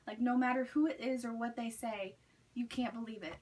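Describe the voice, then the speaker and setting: A woman's voice: a little high, fairly even intonation, a little fast, darkish tone. A young woman telling a story in a chatty way, filling her sentences with "like". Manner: chatty, many "like" fillers. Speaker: student speaker. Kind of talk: storytelling speech. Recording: recorded from a distance.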